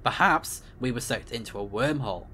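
A man's voice: medium pitch, lively intonation, a little fast, sharp tone, slight background noise. Guy reading out a polite robot ship guy, stiff and formal, trips on words sometimes. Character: formal, dutiful male starship AI. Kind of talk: reading game dialogue aloud.

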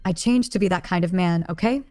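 A woman reading a gentle, teasing young man. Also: on the low side, a little fast, soft background music, close to an everyday voice. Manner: plain read-aloud voice, barely changed from narration.

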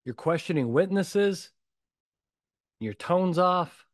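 A high-sitting male voice talks slowly on a solo podcast he hosts himself, recorded at studio quality with no echo. He's emphatic and animated, blunt in tone, and repeats points punchily and often.

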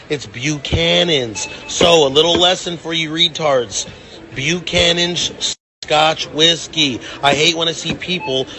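A man's voice: a little high, pushed and bright. A man doing a profane, mocking comedic rant.

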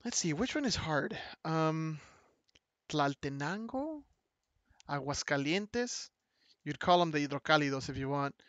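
A man's voice: a little high, expressive, brisk, few pauses, dry recording, dull audio. A young man chatting casually to viewers while he streams and drives, rambling, restarting his sentences and laughing a lot. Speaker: streamer and mod developer. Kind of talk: casual live-stream chat while driving. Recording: loud game engine noise behind the voice.

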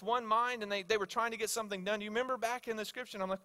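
A male pastor preaching a sermon, telling stories with animated swings between loud exclamations and hushed asides. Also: high voice, rapid-fire, hardly any pauses. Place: church sanctuary.

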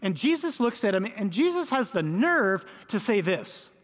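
A man preaching a sermon, his voice sitting fairly high for a man. He tells the scripture as a lively story and slips into the voices of the people in it. The sound rings with the long reverb of a large hall. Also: moderate pace. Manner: storytelling, acts out voices of disciples. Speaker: priest preaching.

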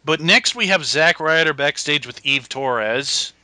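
A man with a very bright, forward voice hosts a wrestling podcast and walks through match action step by step. His remarks are dry and sarcastic, and his voice sits a little high and close to the mic. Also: animated, unhurried, clean tone, dry recording. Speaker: podcast host. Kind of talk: casual wrestling recap chat.

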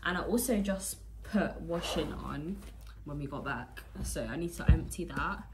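Music plays in the background as this cold-stricken young woman rambles to her vlog camera indoors at home, in small rooms. Her voice sits low, expressive and a touch slow. Her relaxed chat is full of fillers and "guys."

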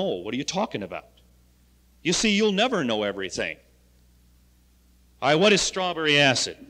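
A man who coordinates school health education, giving an animated lecture to students with loud points and quiet asides. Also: medium pitch. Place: college lecture hall. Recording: archival 1970 lecture recording in a reverberant hall.

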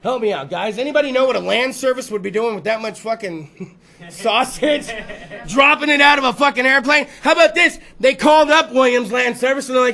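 A man's voice: very high voice, fairly quick, gravelly, bright, forceful tone. A man hosting a talk show, riffing through rowdy, profane comedic bits and putting on voices for the stories. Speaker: podcast host.

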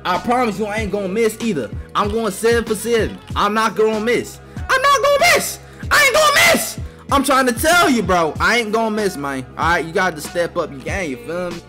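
A young man giving trash-talking commentary over his gameplay, swinging between loud taunting shouts and low muttering. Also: lively intonation, fairly quick, hardly any pauses, over music. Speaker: gaming streamer.

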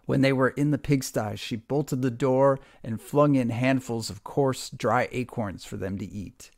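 A man's voice: mid-range voice, unhurried, creaky, a little mellow, no echo, studio quality. Man reading a story aloud. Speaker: teacher reading a book aloud.

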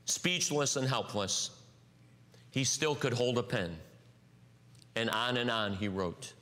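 Guy preaching a sermon, bright forceful voice, goes soft then climbs, big church reverb. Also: slow. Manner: storytelling, swings from hushed lows to raised highs. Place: church sanctuary. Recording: long hall reverb.

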